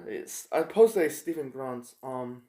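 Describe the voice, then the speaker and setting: A man casually reviewing a TV episode, rambling and halting with lots of fillers and restarts. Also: mid-range voice, mellow. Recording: echoey room.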